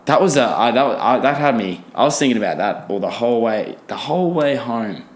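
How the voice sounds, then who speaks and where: A young man rants on his own podcast, swearing freely and poking fun at himself. His voice sits at a middling pitch, and a roomy echo hangs around it. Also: lively intonation, a little fast. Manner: ranting, profane, self-deprecating. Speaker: podcast host. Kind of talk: solo comedic podcast rant.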